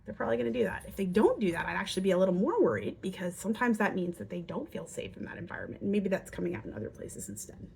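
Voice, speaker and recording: Female parenting educator, mid-pitch, a bit husky, earnest teaching delivery. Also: racing, few pauses. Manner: earnest, acts out quotes in lively voices. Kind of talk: instructional talk to parents.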